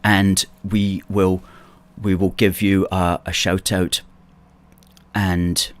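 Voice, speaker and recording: A man with a Scottish accent from Ayrshire hosts a casual livestream in a low, deep voice. He reads viewer comments aloud and answers them in a chatty way, with the odd wry aside. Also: flat delivery, slow. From Scotland, Ayrshire. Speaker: host of a political livestream.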